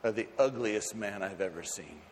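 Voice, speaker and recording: A man voicing a rude talking parrot in a joke, speaking low and hushed with a deadpan delivery. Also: moderate pace, a little hiss or hum, lightly acted.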